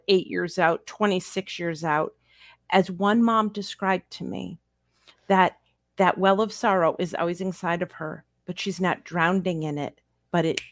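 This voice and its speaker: Calm, reassuring woman co-host. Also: lowish voice, no room sound, clean studio sound. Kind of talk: casual chat.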